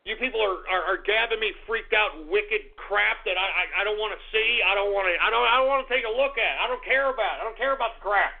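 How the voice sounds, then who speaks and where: A man's voice: high voice, quick pace, vocal fry, hardly any pauses. A man hosting an internet radio show, ranting in exasperation and cursing, with frequent sighs. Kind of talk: ranting call-out monologue. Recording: tinny phone-like line.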